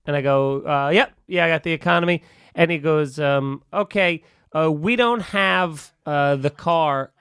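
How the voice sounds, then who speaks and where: A man's voice: a little high, measured pace, clear, resonant tone, no echo, clean studio sound. A man on a podcast telling a long, heated anecdote in casual chat, acting out both sides and swearing freely. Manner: animated, acts out both sides of a quarrel, swears. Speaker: podcast host.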